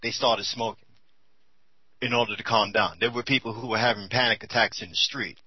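A man's voice: fairly low pitch, fairly even intonation, a little fast, breathy edge, no room sound. Rambling, laid-back man, slightly dull sound. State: tired and a bit high. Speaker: commentator on a talk show. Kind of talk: candid casual talk.

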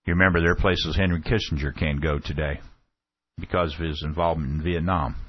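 A man's voice: extremely low pitch, fairly even intonation, brisk. A man hosting a political talk show, retelling an exchange and commenting on it with growing indignation. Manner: indignant, acts out the quoted exchanges with rising heat. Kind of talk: opinionated commentary retelling an event. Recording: dull, slightly lo-fi dry sound.

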